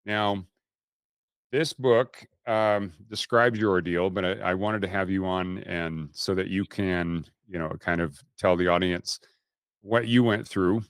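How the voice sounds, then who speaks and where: A man hosting an interview, introducing his guest in a casual, halting way. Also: sits low, fairly even intonation, smooth, no room sound, clean studio sound. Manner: casual, halting with fillers and restarts. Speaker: podcast host.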